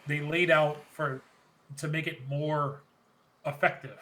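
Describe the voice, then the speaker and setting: A man co-hosting a podcast, recapping in casual chat with animated retellings, quick quoted bits and frequent laughter. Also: on the high side, rough recording. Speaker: podcast co-host.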